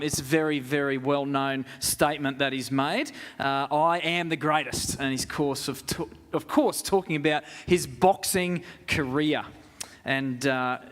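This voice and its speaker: A man's voice: fairly high pitch, a bit bright. Man teaching a church group in a hall. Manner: conversational, asks the congregation questions. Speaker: preacher. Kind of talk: interactive Bible teaching.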